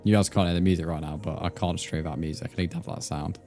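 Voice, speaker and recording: Young English male streamer, low-pitched and jokey, swearing casually while gaming, faint music underneath. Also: fairly even intonation, rapid-fire, warm tone. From England. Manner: chatty, joking, swears freely, reads chat aloud.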